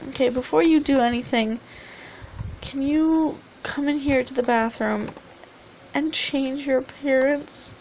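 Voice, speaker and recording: A woman with a high voice and a noticeable gravelly fry chats through her gameplay in a loose, rambling way, urging the characters on as she goes. Faint hiss sits under her desk-mic recording. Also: steady tone, measured pace, dull audio. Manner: chatty, rambling, coaxing game characters aloud. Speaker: gameplay video host. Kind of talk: casual let's-play commentary.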